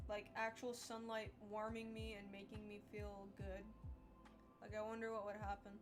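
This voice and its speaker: Tired, rambling young woman streamer. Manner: candid, rambling, sweary, low-key. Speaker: art streamer. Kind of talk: casual live-stream chat.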